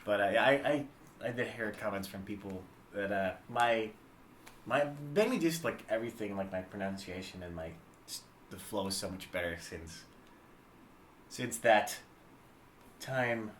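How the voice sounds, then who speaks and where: A man's voice: on the low side, expressive, measured pace, long pauses. A man co-hosting a casual livestream chat, explaining things with many fillers and restarts. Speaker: livestream co-host. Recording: echoey room with faint background noise.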